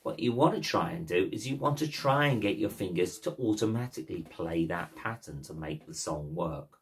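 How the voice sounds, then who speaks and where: With a low, creaky, animated voice at a moderate pace, a man gives casual ukulele instruction. He's cheeky and playful, joking while guiding the class through chords and strumming.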